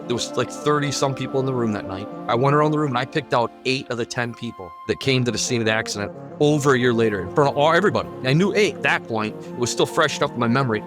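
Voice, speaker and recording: A man telling his own near-death story in an earnest, vivid and emphatic way. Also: mid-range voice. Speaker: guest sharing a near-death testimony. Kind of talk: personal testimony storytelling.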